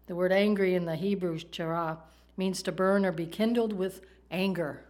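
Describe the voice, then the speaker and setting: A woman's voice: fairly low pitch, steady tone, moderate pace, a little mellow. A woman preacher giving a sermon, explaining Hebrew words and telling jokes along the way.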